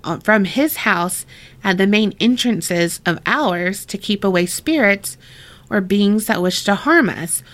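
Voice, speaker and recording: Woman co-host reading a listener story, loose and giggly, salty language. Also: mid-range voice. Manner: swears freely, laughs often, casual slang. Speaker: podcast co-host. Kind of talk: casual chat, reading listener stories aloud.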